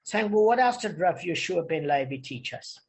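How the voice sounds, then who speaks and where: A man's voice: fairly high pitch, animated, normal speed, vocal fry. Male study leader, patient and digressive, call audio. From South Africa. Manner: patient, digressive explaining, often checks understanding. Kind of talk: online group Talmud lesson.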